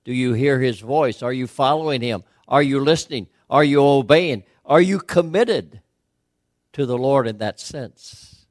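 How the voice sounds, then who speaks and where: A man's voice: mid-range voice, a little slow, no room sound. A middle-aged man delivers a sermon in a mid-range voice. He presses his listeners with earnest questions and swells into emphatic declarations. The sound is dry and close. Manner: earnest questioning preaching, rising to emphatic peaks. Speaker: pastor.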